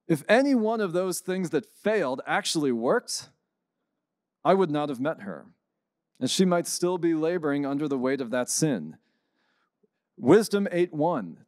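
A man, a priest, giving a conference talk and telling a story, lively and acting out the people he quotes. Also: a little high, no room sound, clean studio sound. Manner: animated storyteller, acts out quoted voices.

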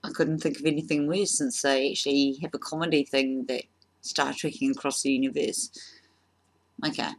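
A woman doing a casual comedy vlog, self-deprecating and halting with frequent ums. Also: a bass voice, fairly even intonation. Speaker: vlogger.

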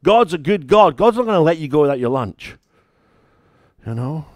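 A man's voice: fairly high pitch, big pitch swings, moderate pace, dry recording, clean studio sound. A British man, a church founder and pastor, preaching a sermon in a conversational, emphatic way with stories.

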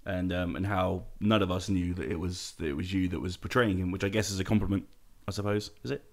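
A man hosting a casual interview, asking questions in a hesitant, relaxed way. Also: deep voice, fast, vocal fry. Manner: hesitant, many fillers, relaxed. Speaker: interviewer host.

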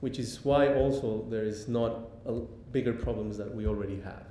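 A man giving a public lecture, pausing often with ums and restarting sentences. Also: steady tone, warm tone. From Mexico. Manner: halting, many ums and restarts. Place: lecture hall. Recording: echoey hall, faint rumble.

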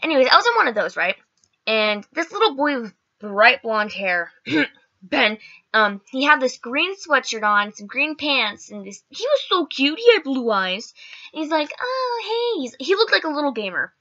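A woman's voice: high-pitched, sing-song, normal speed, bright, forceful tone, muffled recording. A woman vlogger telling a story in casual, chatty talk, full of "like" and "okay" and some swearing.

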